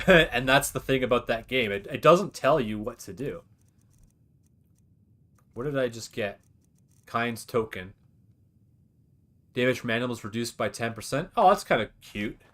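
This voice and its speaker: A man's voice: medium pitch, lively intonation, a little slow, pauses often, a bit bright. A man streaming a game and chatting casually, rambling through opinions with lots of "like" and fillers. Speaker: livestream gamer. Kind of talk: casual gaming commentary.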